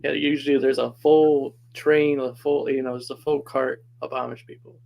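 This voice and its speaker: A man's voice: medium pitch, flat delivery, moderate pace, gravelly, a little mellow, rough recording. A man casually telling a personal story as a podcast guest, chatty and laughing often.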